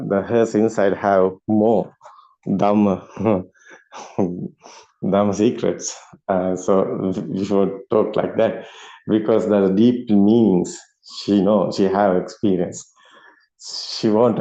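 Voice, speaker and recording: Male host, halting delivery, lots of fillers, laughs often; muffled video call sound. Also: fairly low pitch, mellow. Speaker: discussion host. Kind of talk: casual video call discussion.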